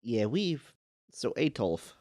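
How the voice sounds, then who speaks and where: A man's voice: medium pitch, big pitch swings, takes it slowly, warm tone, dry recording, studio quality. A man playing in a tabletop role-playing podcast, asking the game master questions in a casual way. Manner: inquisitive, questioning. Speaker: player.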